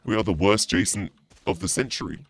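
Man with deep voice-changed growl. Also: brisk, no room sound. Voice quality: voice-changer deepened, gravelly. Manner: swearing, frustrated, joking. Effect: voice changer pitching voice down. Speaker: gameplay streamer. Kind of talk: casual gameplay commentary.

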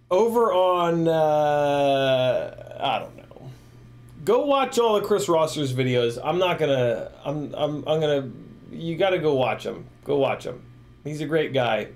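A man's voice: on the high side, darkish tone. Tipsy, rambling middle-aged man. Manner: rambling, profane, ranting, laughs often. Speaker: FPV drone livestream host. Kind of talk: casual livestream chat.

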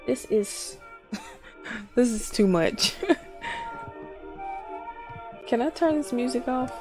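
A woman's voice: a little high, very slow, over music. A woman nervously commenting on a horror game as she plays, gasping and laughing in fright. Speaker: gameplay streamer.

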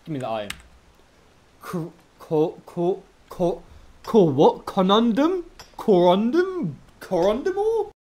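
A streamer giving excitable let's-play commentary, taunting enemies in the game. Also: medium pitch, slow. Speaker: gaming streamer.

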